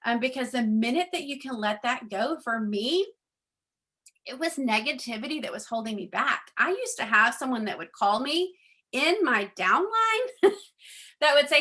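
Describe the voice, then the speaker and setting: A woman's voice: a little high, moderate pace. A woman giving a chatty motivational talk to her sales team, full of fillers and acting out conversations. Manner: chatty and animated, many fillers, acts out quoted dialogue. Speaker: direct sales leader speaking to her team.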